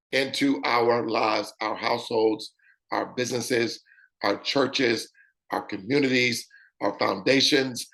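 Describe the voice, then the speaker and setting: A presenter with a raspy, ordinary mid-range voice gives an animated sales-pitch demonstration. He frequently throws in "okay?" to make sure his listeners are following.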